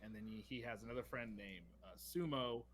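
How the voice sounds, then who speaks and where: Bright-voiced man rambling about cartoons. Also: lowish voice, brisk, a little hiss or hum. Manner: rambling, enthusiastic, many fillers. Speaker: podcast co-host. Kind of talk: casual chat.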